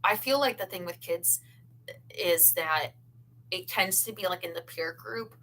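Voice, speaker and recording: A woman's voice: fairly low pitch, a little slow, fairly bright tone, a little hiss or hum, low-quality recording. A woman co-hosting a casual chat, talking with lots of fillers and breaking into frequent laughter. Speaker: podcast co-host.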